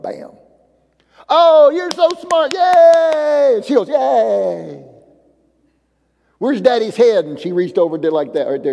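High-voiced preacher in a reverberant church. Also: male voice. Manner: emphatic preaching, drops soft and low in prayer. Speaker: pastor. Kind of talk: sermon. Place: church sanctuary. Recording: long church reverb with faint music.

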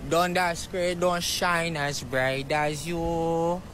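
A man's voice: a little high, fairly even intonation, slow, a bit bright, slight background noise. A man doing a slangy Toronto dude. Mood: flirty.

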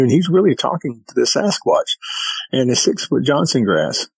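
A male guest with a medium-pitched, husky voice and vocal fry tells a story casually at normal speed, his pitch swinging widely as he acts out what people said in vivid detail. The audio is poor, though there's no room sound.

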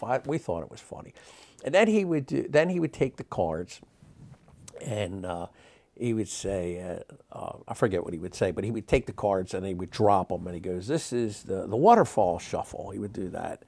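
Gravelly older man telling stories. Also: fairly low pitch. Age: 60s. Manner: animated, rambling with many fillers and restarts. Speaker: magic historian. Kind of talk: interview storytelling.

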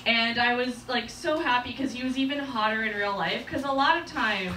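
A high-pitched woman comedian tells a story on stage, animated and self-deprecating, with quick asides. She is picked up from a distance in an echoey club, and there is steady noise underneath. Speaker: stand-up comedian.

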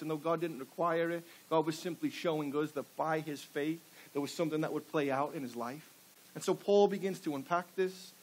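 A middle-aged man delivers a sermon with passion, throwing rhetorical questions out to his congregation. His voice sits a little higher than most men's. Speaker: pastor.

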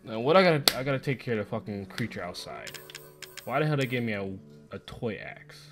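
Swearing man muttering over loud game music. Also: on the low side, expressive, a little fast. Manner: profane, frustrated muttering with startled outbursts. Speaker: gameplay streamer. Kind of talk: live gameplay commentary.

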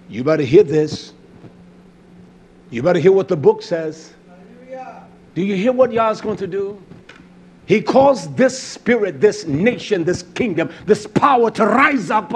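Fiery preacher man, low mutters to shouts. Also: very animated, takes it slowly, pauses often, slightly rough. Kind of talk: sermon.

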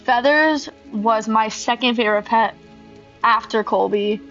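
A woman hosting a gaming channel, telling a casual story in a rambling, animated way with lots of ums. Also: on the high side, a little slow, muffled recording, faint music behind. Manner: rambling, animated retelling with many fillers.

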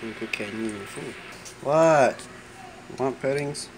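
A man's voice: medium pitch, moderate pace. A man chatting casually in a pet store and cooing at the animals in baby talk. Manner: coos and baby-talks to animals. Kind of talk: casual vlog chat. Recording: loud store background noise.

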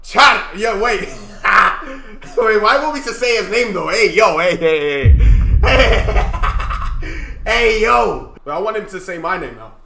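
A man streaming live in casual chat, loud and theatrical, often shouting and laughing. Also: high-pitched, sing-song, slow, vocal fry, slight background noise.

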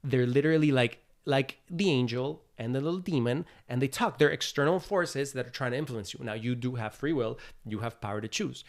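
A man's voice: medium pitch, fairly quick, hardly any pauses. Earnest man talking faith and purpose. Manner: earnest, animated storytelling with acted-out voices. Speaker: guest. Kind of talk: casual podcast interview.

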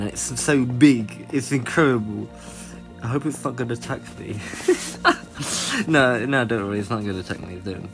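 A young man giving rambling, excitable commentary while playing a video game. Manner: excitable, rambling, jumps to high squeals. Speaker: gaming channel host. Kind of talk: casual let's-play commentary.

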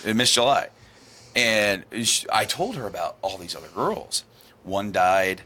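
A man's voice: on the low side, expressive, unhurried, sharp tone. A man on a podcast telling a long story in casual chat, acting out the quotes and laughing at them. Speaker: podcast host.

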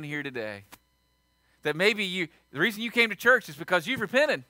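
A man preaching a sermon as pastor, fervent and swinging from loud emphasis to hushed appeals. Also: sits high, very animated, moderate pace, no echo. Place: church.

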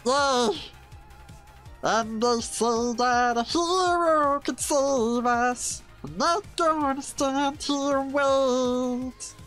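Woman voicing a small blue alien, excitable, giggly, slow drawl, high voice. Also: faint music behind, heavily acted. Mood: excited. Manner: giggly, cheers a lot. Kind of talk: playing a character while gaming.

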